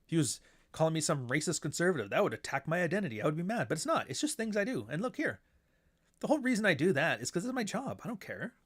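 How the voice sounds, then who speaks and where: A man's voice: a little high, very animated, fast talker, a bit bright, husky. A man hosting his own show in a casual monologue, blunt and profane, who now and then mocks others in put-on voices. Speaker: show host.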